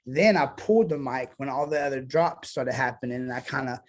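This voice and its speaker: A man's voice: mid-range voice, brisk. Man, musician guest, casual and self-assured, mid-range voice. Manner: blunt, swearing, self-assured. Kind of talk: casual interview chat.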